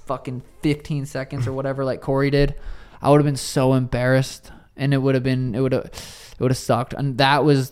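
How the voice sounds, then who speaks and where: A young man talks about his routine in a loose, casual way and swears often. His voice is smooth and resonant. He keeps circling back and restarting his thoughts mid-sentence. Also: mid-range voice. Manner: loose and profane, with frequent restarts. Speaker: interviewee, professional fighter. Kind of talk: casual interview conversation.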